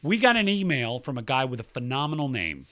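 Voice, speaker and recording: A man co-hosts a chatty podcast with real enthusiasm, running through listener mail. His voice leaps around in pitch with a bright, forward edge. The recording is close and dry, with no room sound. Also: sing-song, brisk, no room sound. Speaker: podcast co-host. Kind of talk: casual chat.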